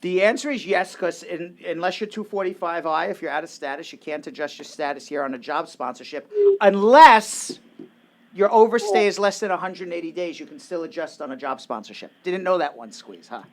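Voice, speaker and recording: A man hosting a call-in radio show, answering legal questions in a brisk, confident, teasing way. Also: a little high, animated. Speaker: immigration lawyer and radio host.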